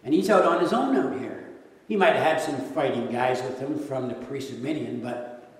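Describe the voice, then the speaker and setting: Male pastor, jokey animated sermon, boomy reverberant hall, distant mic. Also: moderate pace. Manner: animated, jokey, rhetorical questions. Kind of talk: sermon with slides. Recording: echoey hall from far off.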